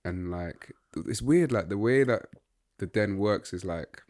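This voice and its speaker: A man's voice: lowish voice, animated, measured pace, a little mellow. A young man co-hosting a casual podcast, teasing his friend in a laid-back way with street slang. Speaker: podcast co-host.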